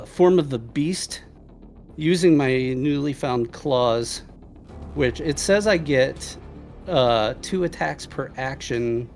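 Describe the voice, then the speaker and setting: A man playing a tabletop game, narrating his character's actions and working through the rules aloud. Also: mid-range voice. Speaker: player.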